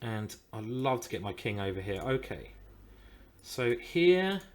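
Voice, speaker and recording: A man's voice: mid-range voice, sing-song, a little slow. A man streaming live chess, thinking aloud about his moves and swearing and groaning when things go wrong.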